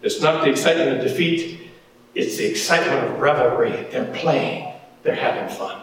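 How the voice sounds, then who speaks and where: A man acting out a calm prophet who speaks in a measured, solemn way. The voice sounds distant in a big, echoing hall. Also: medium pitch, pitched below the performer's own voice, lightly acted. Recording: echoey hall from far off.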